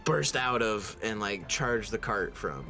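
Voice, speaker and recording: A man's voice: fairly low pitch, lively intonation, measured pace, vocal fry, pushed and bright, faint music behind. Joking tabletop player man. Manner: playful, loose and joking. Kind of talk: casual chat during a tabletop game.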